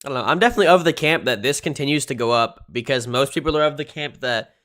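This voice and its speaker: A young man talks loosely and conversationally on his livestream, dropping curse words and filler as he goes. His voice sits at an ordinary middle pitch. He runs through trading charts like he's chatting with friends. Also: quick pace, fairly bright tone. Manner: casual, swears often, says "dude" and "um" a lot. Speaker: crypto livestream host. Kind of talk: casual livestream chart analysis.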